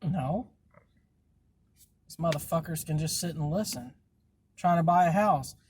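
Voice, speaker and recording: A man's voice: fairly high pitch, measured pace. A man chatting casually from inside a moving car as podcast host, grumbling and swearing a lot. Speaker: podcast host, delivery driver. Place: inside a car while driving. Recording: loud car road noise. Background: car engine and road noise.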